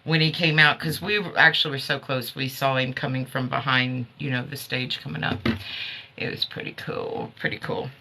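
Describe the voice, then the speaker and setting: Chatty woman with a bright voice. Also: very deep voice, steady tone, moderate pace, vocal fry. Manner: chatty, laughs often, talks to viewers. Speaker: herbal remedies seller hosting a live stream. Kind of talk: casual live-stream chat.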